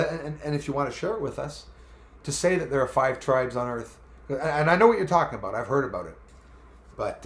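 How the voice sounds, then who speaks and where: Man, from Canada, live-stream host, rambling casual chat, lively swooping pitch, echoey room. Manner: animated, rambling, talks back to chat.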